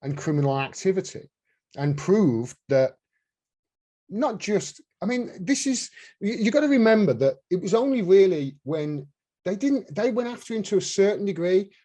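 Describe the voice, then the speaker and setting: A man's voice: high voice, sing-song, normal speed, dark tone. A man hosting a casual political chat, talking in a heated, indignant way and swearing freely. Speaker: podcast host.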